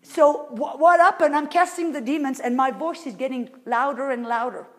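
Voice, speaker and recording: A woman preacher delivering a sermon, asking the audience rhetorical questions and swinging between loud and very soft. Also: sits high, normal speed.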